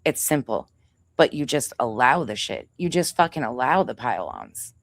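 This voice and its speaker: Speaking in a very deep, sing-song voice at normal speed, this livestream host launches into a heated, profanity-laden rant. She's angry and confrontational, calling out another creator and reading names from chat, with no room sound audible.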